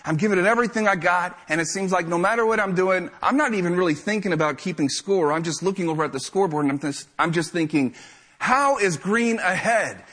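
A young man telling a lively, self-mocking story to a live audience. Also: high voice.

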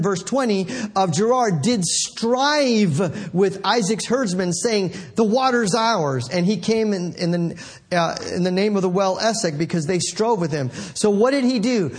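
A man preaching a sermon in an animated, conversational way, calling out to the congregation. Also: sits high, slightly rough.

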